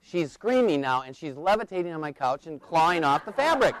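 Animated middle-aged male therapist. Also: on the high side, fast, few pauses. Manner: animated storytelling, acting out clients. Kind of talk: talk to an audience.

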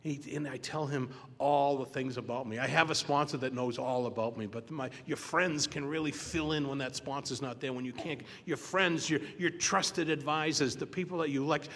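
An older man telling his personal story to a recovery meeting, animated and repeating phrases for emphasis. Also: medium pitch, moderate pace, few pauses, slight background noise. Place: meeting hall. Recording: roomy hall reverb, faint background ambience.

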